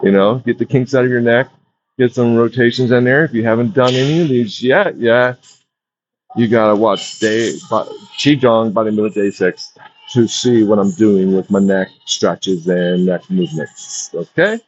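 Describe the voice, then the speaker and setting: A man's voice: on the low side, normal speed, no echo. A man leading a stretching session, coaching in a loose, casual way and repeating his cues about breathing and balance. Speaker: wellness instructor. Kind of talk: guided stretching class. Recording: dull lo-fi dry sound.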